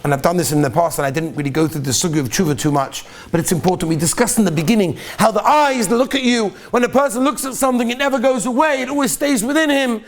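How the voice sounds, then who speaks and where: A man giving a rabbi's Torah lecture as an animated storyteller who acts out the characters. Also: high-pitched.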